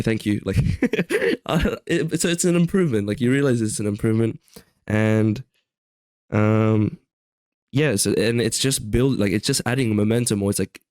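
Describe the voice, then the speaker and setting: A man's voice: medium pitch, darkish tone, no room sound. A young man co-hosting a podcast in casual chat, rambling with many fillers and restarts. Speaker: podcast co-host.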